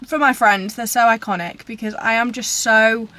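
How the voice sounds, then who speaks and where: A woman's voice: a little high, steady tone, normal speed, sharp tone, slight background noise. A young woman with a British accent, chatting casually to camera in a rambling, self-deprecating way. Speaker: vlogger. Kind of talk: casual vlog chat to camera.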